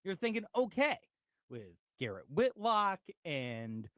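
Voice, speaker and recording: A man hosts a casual sports radio talk show with a lively, animated delivery and a slightly high voice. He talks easily and reads out comments from the chat. The sound is dry and close. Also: slow, no room sound.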